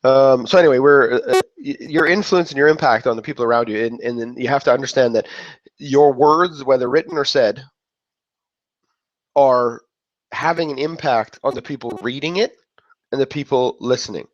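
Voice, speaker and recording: Heard in a dull, dry lo-fi recording, a man with a mid-range voice gives an informal motivational talk at a moderate pace. His delivery rambles and breaks off mid-thought as he acts out what others said in reaction.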